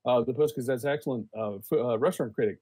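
A man on a casual podcast panel, a journalist, speaking haltingly with frequent repeated words and restarts. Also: mid-range voice, warm tone, breathy edge, low-quality recording.

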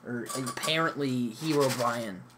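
A man's voice: mid-range voice, unhurried, noisy background. A young man hosting a gaming session, chatting casually with friends in a rambling, hesitant way full of fillers and restarts. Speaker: gaming channel host.

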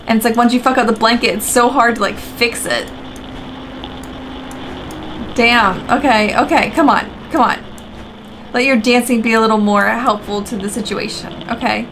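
A woman's voice: a little high, creaky. A woman giving let's play commentary, repeating short phrases over and over, swearing and exasperated, in a noisy recording. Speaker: gaming video host.

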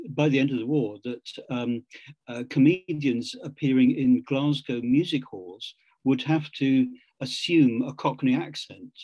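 A man on a book-launch panel, speaking in an academic discussion, halting with many ums and repeated words, on a video call. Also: mid-range voice, darkish tone, breathy edge, dry recording. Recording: dry, dull video-call audio.

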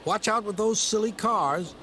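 A man's voice: lowish voice, big pitch swings, unhurried. A man voicing a cheeky, boastful young male tank engine in a storybook. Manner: boastful, teasing. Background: music.

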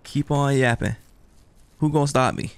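A young man playing a horror game on stream, joking loudly with his viewers. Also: medium pitch, moderate pace, vocal fry, clear, resonant tone. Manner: joking, playful and loud, talking to viewers. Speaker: gaming streamer.

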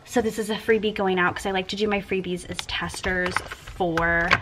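A woman's voice: medium pitch, fairly even intonation, normal speed, heavy background noise. A young woman, chatting casually to camera about her small business, gushing and sometimes dropping to a whisper. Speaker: vlogger running a small wax melt business.

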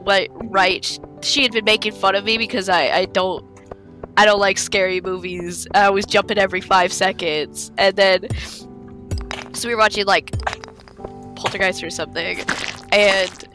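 Deadpan woman with a mid-range voice. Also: medium pitch, moderate pace. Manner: deadpan play-by-play narration; casual storytelling, heavy swearing. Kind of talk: casual chat on a game stream. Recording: music playing behind.

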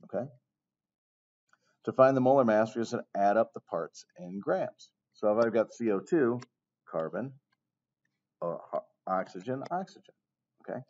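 Low-voiced man giving a casual lecture. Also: lively intonation, normal speed, long pauses, a little mellow. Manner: casual, jokey asides, keeps checking with "okay?". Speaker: chemistry teacher. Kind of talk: recorded classroom lecture. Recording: dull lo-fi recording.

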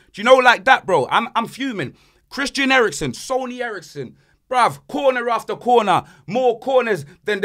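A young man hosting a casual banter podcast, ranting and joking in an animated way. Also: high-pitched. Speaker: podcast host.

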